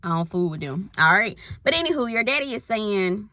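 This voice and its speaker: A woman's voice: medium pitch, very animated, fairly quick, sharp tone, dry recording, clean studio sound. A woman in her thirties, a spiritual life coach, giving a rambling, folksy pep talk in casual Southern slang. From Southern US countryside. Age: 30s.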